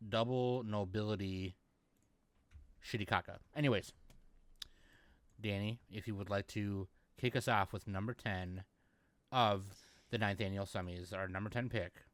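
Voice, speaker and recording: A man hosting a casual podcast with friends, his voice sitting on the low side. He sounds goofy and hyped, quick to laugh. He is recorded up close in a dead, dry room. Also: steady tone, no room sound. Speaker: podcast host. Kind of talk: casual chat.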